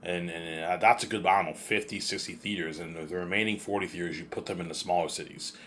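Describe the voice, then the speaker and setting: A young man with a slight Canadian accent and a very low voice talks in a loose, rambling monologue. He stumbles and repeats words, drops casual swears, and keeps a relaxed, offhand tone. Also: fast, slight background noise. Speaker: host.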